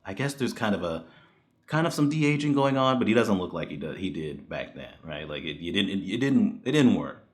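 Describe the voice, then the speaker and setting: A man giving a casual spoken movie review, animated and exasperated, who swears freely and laughs often. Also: deep voice, fairly quick.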